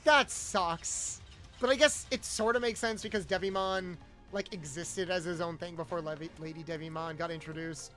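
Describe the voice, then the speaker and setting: A man's voice: sits high, moderate pace, bright, forceful tone, soft background music. A young man, a streamer host, chatting casually and acting out the people he quotes in his stories. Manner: rambling storyteller, acts out quotes. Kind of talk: casual chat while gaming.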